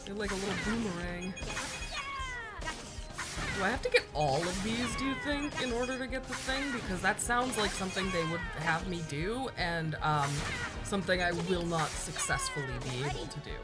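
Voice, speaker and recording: A woman's voice: medium pitch, normal speed. A woman giving playful, chatty and mildly profane commentary while playing a video game. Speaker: gameplay commentator. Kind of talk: let's play commentary. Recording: game music behind the voice.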